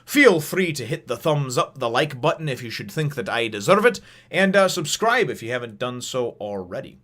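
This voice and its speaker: A man hosting a casual review channel, rambling with lots of fillers and acting out characters' lines in an animated way. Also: mid-range voice, normal speed. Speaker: manga review channel host.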